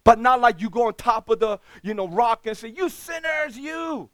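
A man preaching a sermon as pastor, speaking with dropped articles and swinging between loud outbursts and quiet asides. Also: high voice, fairly even intonation, brisk, no echo. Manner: plain broken English with dropped articles.

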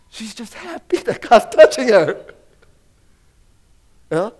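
A man's voice: sits high, animated, a little slow, long pauses, a little mellow. A middle-aged male pastor preaching a sermon, rambling with many fillers and restarts and laughing often as he talks.

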